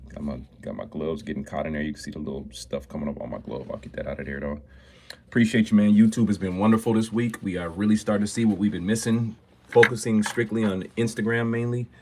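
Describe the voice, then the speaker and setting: A man's voice: lowish voice, fairly even intonation, fast talker, slight background noise. A man, a jeweler, chatting casually and upbeat with viewers on a phone live stream from his shop. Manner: talkative and upbeat, greets viewers often.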